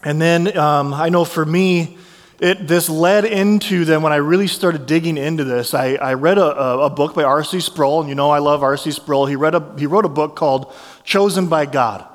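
Animated pastor in a reverberant hall. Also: male voice, fairly high pitch, normal speed. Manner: conversational, animated storytelling with restarts. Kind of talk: sermon.

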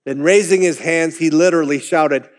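A pastor reads aloud as a plain-spoken country lay preacher, earnest and insistent, hammering the same plea over and over. His voice sits high and strains upward. It rings out with a long reverberant hall tail. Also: normal speed, natural voice. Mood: urgent. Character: homespun fervent male lay preacher, pleading.

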